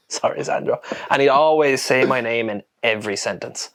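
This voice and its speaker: Irish male co-host, young adult, mid-pitched voice, loose sweary storyteller. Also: normal speed, creaky, a bit bright. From Ireland. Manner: swearing anecdotal storyteller, laughs a lot. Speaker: podcast co-host. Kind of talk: casual chat.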